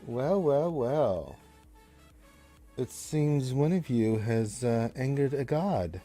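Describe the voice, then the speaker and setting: A silver-haired elven priestess speaks in a hushed, drawn-out voice, knowing and faintly teasing, as a male game master puts her on. The tone is dark and mellow, with faint music underneath. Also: mid-range voice, animated. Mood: sly, hushed. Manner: slow, hushed, sly and drawn out.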